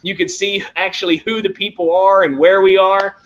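Excitable high-voiced man telling stories. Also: moderate pace, lo-fi sound. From Pennsylvania, USA. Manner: excitable, animated storytelling with laughs. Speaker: toy-hunting show host. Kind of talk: casual chat.

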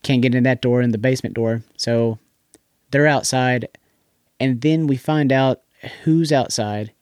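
Podcast co-host, male, mid-pitched, dry close sound, loose rambling recap delivery. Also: steady tone, unhurried, a little mellow, smooth, no room sound. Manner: rambling, repeats words, recaps plot scenes. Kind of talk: casual movie recap chat.

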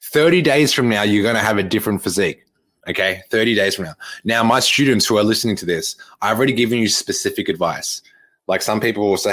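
A man's voice: lowish voice, lively intonation, fast, a bit bright. A young man, coaching fitness on a live podcast stream in a blunt, repetitive way with lots of fillers and swearing.

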